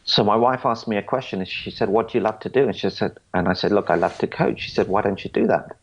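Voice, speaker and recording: A man in his forties answers interview questions as a podcast guest, earnestly telling his story while often stammering and restarting, and acting out what others said to him. His voice is on the low side, fast and husky, and the recording is muffled.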